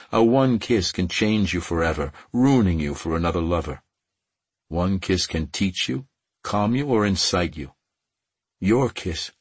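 A man voicing a gentle immortal lover. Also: sits low, breathy edge, dry recording, heavily acted.

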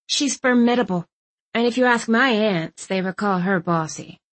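A woman narrating a first-person audiobook in an even, wry storytelling manner. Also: medium pitch, moderate pace.

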